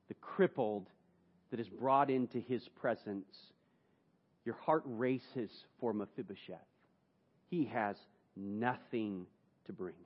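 A man preaching a sermon, telling the story dramatically and moving between hushed and raised passages. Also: medium pitch, dull audio. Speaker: pastor.

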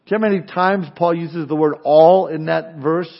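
A man's voice: fairly high pitch, steady tone, moderate pace, vocal fry. A male pastor preaching a sermon in an earnest way, full of rhetorical questions and folksy humor, on a dull lo-fi recording.

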